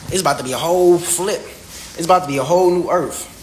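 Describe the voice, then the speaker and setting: A man's voice: on the high side, fast, a little hiss or hum, low-quality recording. A young man in a casual spiritual rant, preachy and repetitive, full of slang and asking "you feel me?". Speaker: vlogger.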